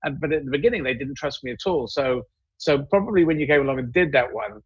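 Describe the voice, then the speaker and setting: A male comedian telling stories in a casual panel chat, rambling and halting as he goes. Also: a little high, lively intonation, husky, no room sound, dull audio.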